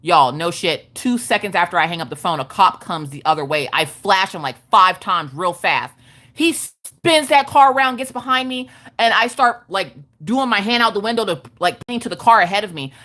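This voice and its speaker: A woman, telling a story in a casual livestream chat, animated, profane and emphatic. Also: medium pitch, moderate pace. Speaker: craft livestream host.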